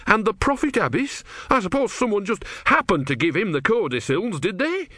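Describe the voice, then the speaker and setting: A man voicing an indignant devout young monk who snarls in shrill outrage in an audiobook. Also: huge pitch swings, moderate pace, fairly bright tone, no echo, full character voice. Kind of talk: audiobook character voice.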